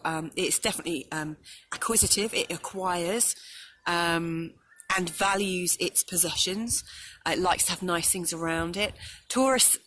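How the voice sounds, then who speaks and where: A woman with a somewhat low voice hosts a relaxed astrology talk, recorded outside in nature with faint ambient sound behind her. She speaks in a chatty, apologetic way and often pauses on "um" while she gathers her thoughts. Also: a little hiss or hum. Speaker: astrologer host. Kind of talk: casual solo talk. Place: outdoors in nature.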